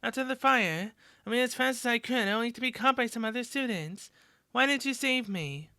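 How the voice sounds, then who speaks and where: A woman's voice: fairly high pitch, normal speed, pushed and bright, no room sound. A woman voicing a refined former noble schoolgirl. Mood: earnest. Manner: formal, polished speech.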